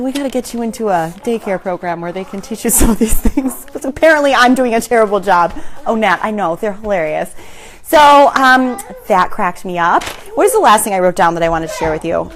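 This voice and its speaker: A woman hosting a casual chat, laughing often as she tells funny stories and acts out a toddler's shouts. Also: medium pitch, animated, fairly quick, a little hiss or hum. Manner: laughs often between sentences; amused, storytelling. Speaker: host.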